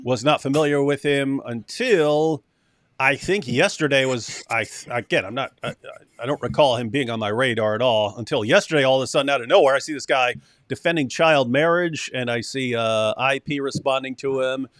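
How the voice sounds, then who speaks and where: A man's voice: medium pitch, normal speed, fairly bright tone, no room sound, studio quality. A man from West Virginia hosting a casual chat, rambling with frequent restarts. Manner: rambling, many restarts and laughs. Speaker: host.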